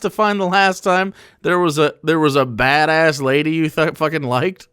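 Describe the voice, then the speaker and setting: A man's voice: on the high side, normal speed, fairly bright tone, smooth, no echo, studio quality. A man streaming and reacting to a video, rambling and profane, with frequent restarts. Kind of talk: casual reaction commentary.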